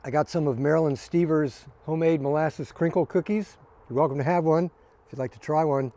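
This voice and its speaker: A man giving a relaxed, conversational sermon as a pastor, recorded outdoors on his deck in the evening. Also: fairly high pitch, a little fast. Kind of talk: casual sermon.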